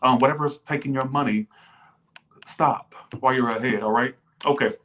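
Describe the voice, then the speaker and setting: A man's voice: mid-range voice, moderate pace, a bit bright. A man reading tarot for his viewers in a loose, chatty way. He is blunt and swears freely, and he keeps breaking into mock back-and-forths with imagined viewers. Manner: blunt, profane, jumps into mocking imagined viewers. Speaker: tarot reader. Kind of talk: casual tarot reading livestream.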